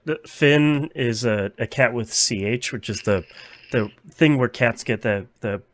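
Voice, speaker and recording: A man's voice: mid-range voice, measured pace. A man from the United States co-hosting a podcast in an easygoing, enthusiastic way. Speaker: podcast co-host. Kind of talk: casual chat.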